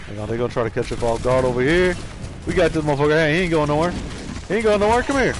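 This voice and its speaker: A man giving live commentary over his own gameplay, excitable and full of profane trash talk, yelping and laughing at his plays. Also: a little high, very fast, slight background noise. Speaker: streamer.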